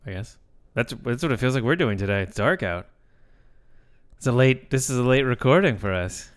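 A man's voice: medium pitch, lively intonation, normal speed. A man co-hosting a podcast in casual chat, rambling and self-mocking, often slipping into silly voices, recording indoors at night. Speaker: podcast co-host.

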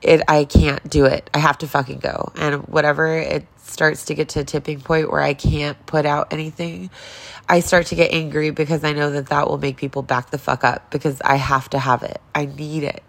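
A woman's voice: sits low, level tone, normal speed, creaky. A woman in her forties in a casual confessional vlog, upset and near tears, talking in a raw, rambling way with lots of swearing. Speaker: vlogger.

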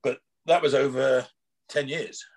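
A man's voice: medium pitch, fairly even intonation, unhurried. A man, a former prison officer, telling rambling anecdotes in casual chat, acting out quoted dialogue with chuckles.

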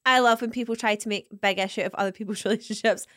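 A woman co-hosting a podcast, chatting casually with teasing, quick remarks. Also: medium pitch, steady tone, a bit bright, no room sound, clean studio sound. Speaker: podcast co-host. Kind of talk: casual chat.

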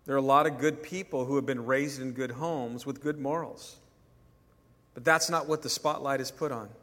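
A man's voice: mid-range voice, fairly even intonation, moderate pace, a bit bright, in a large hall. A male pastor preaching a sermon in a conversational way, acting out dialogue when he tells stories.

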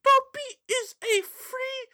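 Dobby, a screechy house-elf. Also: male voice, sharp tone, full character voice. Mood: shrill. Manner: high screechy squeal, drawn out slowly. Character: shrill squeaky male house-elf, wild and crude.

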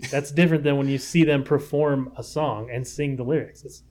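A man's voice: mid-range voice, fairly even intonation, brisk, a little mellow. Emphatic man in casual banter. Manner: emphatic, repeats himself, mock-dramatic. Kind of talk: casual chat.

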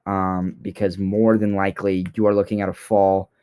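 A man's voice: low voice, little pitch movement, normal speed, warm tone, clear, resonant tone. A young man co-hosting a podcast, talking in a rambling casual way with many fillers and turning heated and blunt when riled. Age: young adult. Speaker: podcast co-host.

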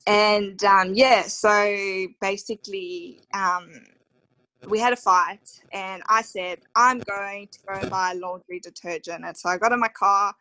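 A woman's voice: medium pitch, fairly even intonation, measured pace, bright, forceful tone, no room sound, poor audio. Emotional Australian woman, dry close sound. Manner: emotional, heartfelt, many fillers. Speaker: podcast guest. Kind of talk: conversational storytelling interview.

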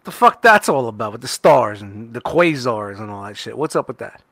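A man's voice: medium pitch, sing-song, no echo. A man on a podcast, teasing his co-host with crude, profane banter. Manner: profane, teasing, fast and loud.

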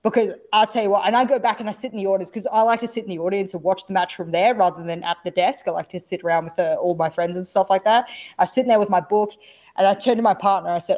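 A woman who works as an esports broadcaster, telling a story in casual chat, animated, acting out quotes and swearing freely. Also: mid-range voice, fast.

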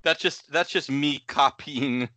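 A man's voice: on the high side, slow pace, sharp tone, no room sound. A man co-hosting a casual podcast chat, rambling, trailing off and laughing often. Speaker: podcast co-host.

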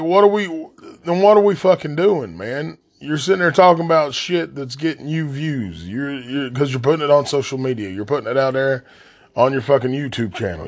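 A man from the West Virginia coal fields with an Appalachian accent, hosting a podcast as a blunt, angry, heavily profane solo rant. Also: a little high. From southern West Virginia coal fields. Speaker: podcast host.

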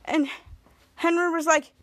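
With a very high, fairly bright voice and fairly even intonation, this podcast host retells an episode at a measured pace. Her casual recap runs on and on, stitched together with "and."

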